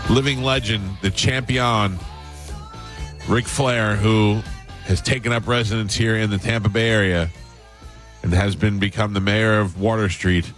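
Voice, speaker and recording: A man hosting a radio show, delivering mock-serious, deadpan banter. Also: lowish voice. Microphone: studio microphone. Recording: dry studio sound with faint music.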